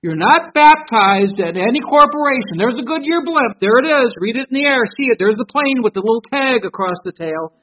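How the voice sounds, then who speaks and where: A man preaching a sermon, swinging between loud emphasis and quiet asides, speaking into a stage microphone. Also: extremely high pitch, lively intonation, fairly quick, hardly any pauses, dull audio. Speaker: pastor.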